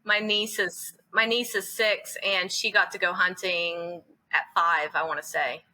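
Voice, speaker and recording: A middle-aged woman chats as a podcast guest, her voice bright and lively in tone. She tells family anecdotes casually, with laughter in between. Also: fairly low pitch, a little slow, rough recording. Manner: storytelling, laughing. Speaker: guest, cabinet refinisher. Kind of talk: casual chat.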